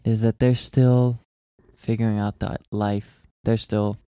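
A young man co-hosting a podcast, chatting casually and reading a poem aloud in an earnest, measured way. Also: lowish voice, level tone, warm tone, smooth, no room sound, studio quality. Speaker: podcast co-host.

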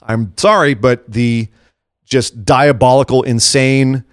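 A man's voice: medium pitch, steady tone, slow pace, no room sound, clean studio sound. A man co-hosting a casual wrestling talk podcast, rambling and jokey with a sarcastic edge. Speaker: podcast co-host.

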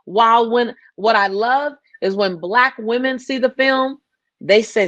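A woman's voice: on the high side, unhurried, a bit bright, dry recording. Woman director, interview guest; earnest, emphatic delivery with false starts, dry recording. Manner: passionate, repeats and restarts phrases. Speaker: filmmaker guest. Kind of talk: interview conversation.

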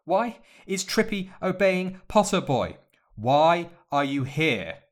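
Man voicing a tiny trembling female house elf, frantic and very high, for a storybook reading. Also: big pitch swings, slow pace. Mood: distressed. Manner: frantic, repeats itself, talks of itself by name. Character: small timid female house elf, squeaky.

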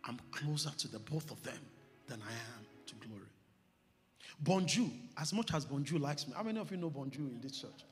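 A middle-aged man, a pastor preaching a sermon in church, stressing phrases slowly and building to emphatic peaks. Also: mid-range voice, expressive. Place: church hall. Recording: church hall reverb with music behind.

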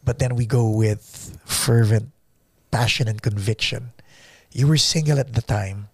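A man's voice: medium pitch, unhurried, breathy edge, dry recording, studio quality. A man hosting a podcast interview, asking probing follow-up questions. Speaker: podcast host.

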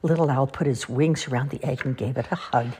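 A woman reading children's storybooks aloud in a gentle, expressive storytelling voice. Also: very deep voice, a little fast, slightly rough. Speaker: storybook reader.

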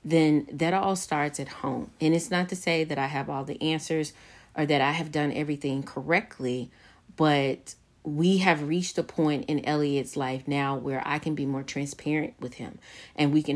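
Low-voiced woman hosting a podcast. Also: fairly even intonation. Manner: measured, reflective, with frequent fillers and restarts. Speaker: podcast host. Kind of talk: casual podcast conversation.

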